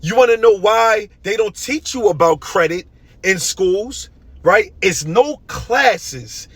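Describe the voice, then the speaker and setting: A man's voice: high-pitched, unhurried, a bit bright, dry recording. A young man delivering an impassioned, emotional monologue, hammering his points with repeated phrases.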